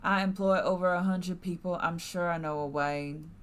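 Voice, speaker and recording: A woman's voice: fairly low pitch, steady tone, moderate pace, clear, resonant tone, lightly acted. Woman reading a curt, defensive rich woman for a narrative game.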